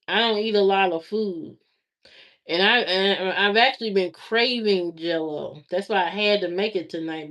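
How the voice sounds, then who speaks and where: Slow, chatty Southern woman livestreaming. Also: medium pitch. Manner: rambling, chatty, greets viewers by name. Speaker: livestream host. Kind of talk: casual livestream chat. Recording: slightly dull lo-fi stream audio.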